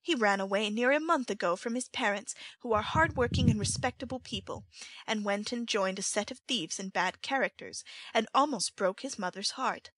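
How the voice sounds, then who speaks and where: Brief: a young street woman, pitched up, loud dramatic pleas, read by a woman, dry sound. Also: normal speed, no echo, lightly acted. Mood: pleading.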